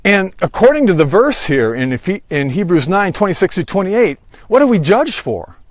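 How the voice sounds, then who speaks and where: A man giving a sermon, slow and deliberate, rising on emphatic phrases. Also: high voice, big pitch swings, no room sound, clean studio sound. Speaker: pastor.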